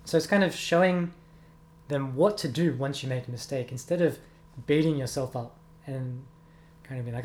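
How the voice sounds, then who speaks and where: A man's voice: mid-range voice, normal speed. A young man, a music teacher giving earnest, reflective interview answers with many ums. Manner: earnest, reflective, with frequent ums and self-corrections.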